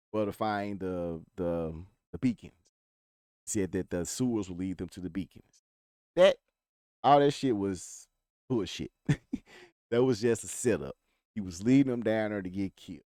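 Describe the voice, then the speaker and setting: Male reviewer, low pitch, dry close sound, loose slangy spoiler recap with plenty of swearing. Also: darkish tone, no echo. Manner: profane, rambling retelling; slangy, laid-back. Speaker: TV show reviewer.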